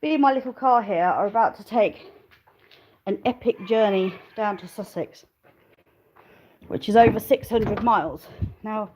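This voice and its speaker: A woman's voice: medium pitch, a little slow, long pauses, darkish tone, a little hiss or hum, low-quality recording. A woman chatting casually on a live stream from outdoors by her car on a smallholding. She rambles, laughs often and greets viewers by name. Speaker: smallholder vlogger.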